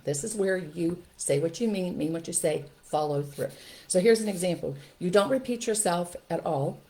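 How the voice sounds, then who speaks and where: An older woman, a grandmother, giving firm parenting advice in an animated way and acting out what parents and children say. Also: fairly low pitch. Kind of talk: instructional talk to camera.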